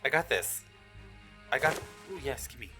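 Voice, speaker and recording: A gaming video creator giving casual gameplay commentary, chatty and excitable, talking straight to viewers and swinging between nervous muttering and loud outbursts. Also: medium pitch, normal speed, over loud music.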